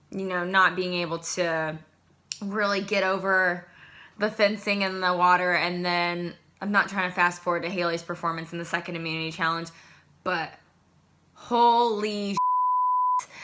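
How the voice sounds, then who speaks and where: Bright, chatty young woman vlogger. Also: lowish voice. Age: young adult. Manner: chatty, excitable, animated asides. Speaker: vlogger recapping a reality show. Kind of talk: casual chat.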